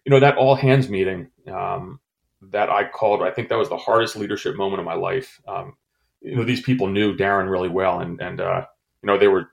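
Deep-voiced man, halting and emotional. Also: gravelly. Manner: halting, many fillers and restarts, emotional. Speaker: former intelligence station chief. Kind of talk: interview, personal recollection.

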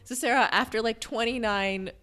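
A woman's voice: on the high side, moderate pace, pushed and bright, soft background music. A woman hosting a sports podcast, introducing segments and bantering playfully with lots of giggles. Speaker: podcast host. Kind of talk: casual chat.

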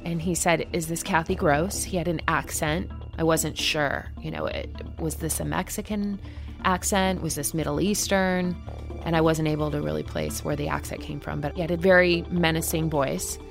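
Middle-aged woman, low gravelly voice, earnest storyteller. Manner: earnest, vivid, acts out quoted voices. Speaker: interview guest. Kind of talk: emotional personal retelling.

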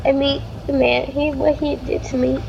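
High, gravelly woman recalling an ordeal plainly, over loud vehicle noise. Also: little pitch movement, normal speed, highs cut off. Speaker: interviewee in an archive clip. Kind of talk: recounting a personal ordeal.

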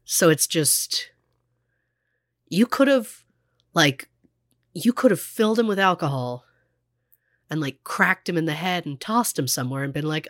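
A woman's voice: deep voice, expressive, unhurried, pauses often, fairly bright tone, dry recording. A woman co-hosting a casual true crime podcast, chatty, full of fillers and acted-out quotes, close to the mic. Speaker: podcast co-host.

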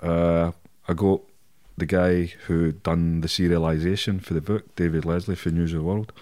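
A middle-aged Scottish man with a very deep voice tells his anecdotes bluntly, swearing freely and chuckling as he goes. The sound is dry and close, with no room around him. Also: flat delivery, normal speed, dark tone, dry recording. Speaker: interview guest. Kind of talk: casual storytelling.

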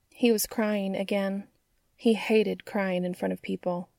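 A woman reading a story aloud in a soft, measured way. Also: mid-range voice, level tone, gravelly, no room sound, studio quality. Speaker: narrator.

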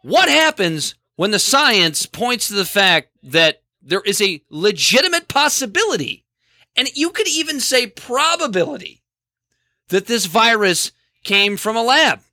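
A man co-hosting a podcast, talking in casual, animated and exasperated bursts about politics. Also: sits high, unhurried, dry recording, studio quality. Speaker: podcast co-host.

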